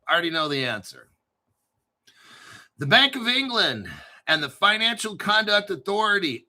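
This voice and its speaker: A brash man hosts his crypto show off the cuff, cursing freely. His voice is very bright and pitched somewhat high. He drops into low grumbles, then jumps up into loud, excited outbursts. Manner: brash and profane, swinging from mumbled asides to loud hyped outbursts. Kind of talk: unscripted livestream commentary.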